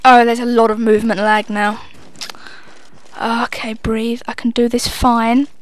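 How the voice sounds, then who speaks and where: A woman's voice: fairly high pitch, little pitch movement, unhurried. A young woman giving live gameplay commentary, swearing freely and mocking herself as she plays. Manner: sweary, self-mocking running banter. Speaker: gamer commentator.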